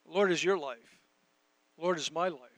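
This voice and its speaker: A man's voice: a little high, moderate pace, no echo. A man preaching a conversational sermon, reading scripture and talking directly to his audience. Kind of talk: sermon teaching.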